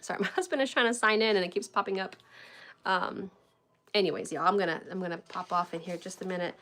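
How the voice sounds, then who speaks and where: A woman's voice: medium pitch, fairly even intonation, quick pace, fairly bright tone. A young adult woman coaching parents in a casual livestream chat, talking loosely with many "like"s and "y'all"s. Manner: chatty, filler-heavy, says "y'all" and "like" often. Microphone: live stream webcam.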